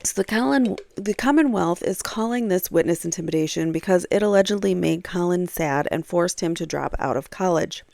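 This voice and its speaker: A woman's voice: lowish voice, fairly quick, vocal fry, hardly any pauses, a little mellow, no room sound. A woman commenting on a true crime case, reading aloud from a blog with frequent fillers and casual asides.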